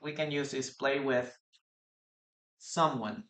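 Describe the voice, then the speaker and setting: A man's voice: mid-range voice, steady tone, slow pace, fairly bright tone. A man with a Peruvian Spanish accent, a native Spanish speaker, teaching a live online English lesson, repeating phrases for practice and answering viewers' comments.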